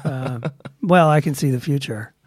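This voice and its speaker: A man's voice: mid-range voice, moderate pace, a little mellow, slightly rough, no room sound, clean studio sound. A man co-hosting a casual sports chat, hesitant and indecisive, with a wry sense of humor. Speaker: podcast co-host.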